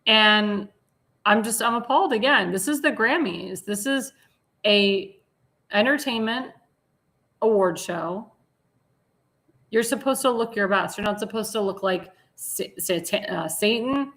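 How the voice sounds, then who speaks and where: A woman's voice: medium pitch, unhurried, fairly bright tone. A woman hosting a talk show, giving blunt, indignant commentary on slides and sometimes searching for words.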